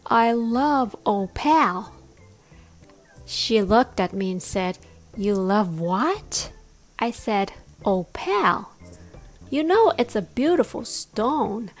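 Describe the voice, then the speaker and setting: A woman whose first language is Japanese gives a podcast lesson on English pronunciation. She talks slowly and deliberately and models each sound with care. Faint music runs quietly behind her voice. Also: medium pitch. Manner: slow, careful, demonstrating sounds. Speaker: pronunciation teacher.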